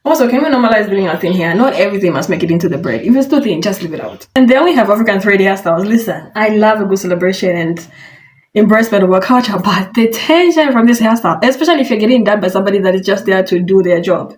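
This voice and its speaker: Fast-talking woman giving frank hair advice. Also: medium pitch, expressive. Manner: frank, advising, lightly amused. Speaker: hair care commentator. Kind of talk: commentary vlog.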